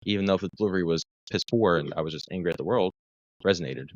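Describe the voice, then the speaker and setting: A man with a low, deep voice tells a long story from his own working life in casual podcast chat. He swears often and talks loosely, doubling back to correct his words. The sound is dry and somewhat muffled. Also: very fast, darkish tone, dry recording. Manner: profane, rambling, self-correcting storyteller. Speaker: guest, mental health clinician for first responders.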